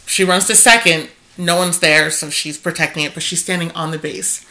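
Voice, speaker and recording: A woman's voice: lowish voice, steady tone, moderate pace, bright, forceful tone. A woman co-hosting a podcast in casual chat, telling anecdotes and acting out what people said. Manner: chatty anecdotal storyteller, acting out quotes. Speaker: podcast co-host.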